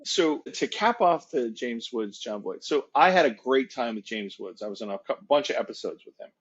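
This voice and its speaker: A man's voice: mid-range voice, animated, moderate pace, husky, muffled recording. A male actor and producer as a guest, telling rambling, casual anecdotes with lots of restarts. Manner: rambling, repeats words and restarts.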